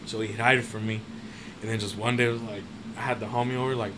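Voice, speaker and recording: A man's voice: fairly low pitch, fast, background noise. A man guest on a podcast telling travel stories in casual slangy talk, swearing freely and acting out what people said. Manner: slangy and profane, acts out quotes in animated voices. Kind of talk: casual storytelling chat.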